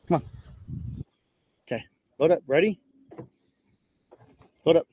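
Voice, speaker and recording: A man from California hosting a casual live-stream vlog outdoors, chatty and excitable, swearing now and then as he coaxes his dog along. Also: on the high side, a little slow, long pauses, no echo, muffled recording.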